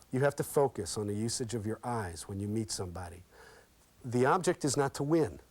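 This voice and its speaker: A man leading an interview skills workshop, talking in a lively, interactive way and acting out examples with his audience. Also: fairly low pitch, brisk. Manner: lively and interactive, checks in with "okay?" constantly; folksy and animated, acts out examples. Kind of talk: live workshop talk with role-play demonstrations.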